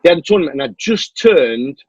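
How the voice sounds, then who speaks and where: A man tells his story fast and animatedly, acting out every exchange. His voice is husky and slightly high. The recording is dry and muffled. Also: dry recording. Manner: animated storyteller who acts out the dialogue. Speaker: guest, stuntman and martial artist. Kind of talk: storytelling in a podcast interview. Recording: dull, dry lo-fi audio.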